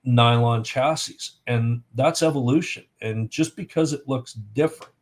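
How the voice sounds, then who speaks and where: A man's voice: medium pitch, a little slow. Chatty man telling a story on a podcast. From Canada. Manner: animated storyteller, acts out voices in anecdotes.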